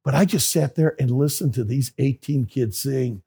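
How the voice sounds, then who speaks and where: A man's voice: medium pitch, moderate pace, gravelly, mellow, slightly rough. A man preaching a sermon, telling a story and acting out both sides of the conversations.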